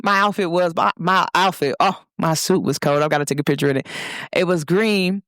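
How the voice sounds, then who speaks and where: A woman from Cincinnati hosting her own show, talking casually and warmly to viewers, repeating points and calling them "y'all". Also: on the low side, brisk, dry recording, studio quality. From Cincinnati, Ohio. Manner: lively, repetitive, speaks directly to listeners with "y'all". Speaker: host. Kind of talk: casual motivational talk to viewers.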